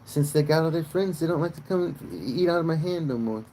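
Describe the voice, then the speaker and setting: A man's voice: on the high side, expressive, fairly quick, mellow, a little hiss or hum, rough recording. A man hosting a casual livestream outdoors by a cow pasture, rambling crudely and swearing a lot. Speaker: livestream host.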